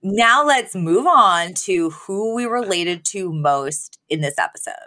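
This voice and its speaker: A woman's voice: lowish voice, lively intonation, slow pace, pushed and bright. A woman co-hosting a podcast, chatting casually and reading aloud, often laughing through her own jokes. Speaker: podcast co-host.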